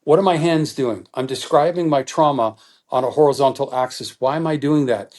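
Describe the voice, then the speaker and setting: Interviewed as a guest expert, this middle-aged man teaches with lots of animation, dramatizing quoted thoughts as he goes. His pitch is medium and his pace brisk.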